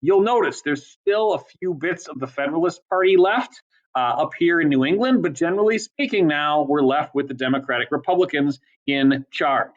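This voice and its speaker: A male teacher gives a casual history lecture, chatty and full of ums and quick asides. His voice sits a little high. The recording is dull and lo-fi.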